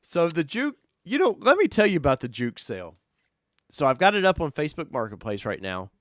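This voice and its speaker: A man hosting a casual live-stream car chat, talking loosely and excitably, jumping from loud bursts to mutters. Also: fairly high pitch, a little fast, no echo. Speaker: host.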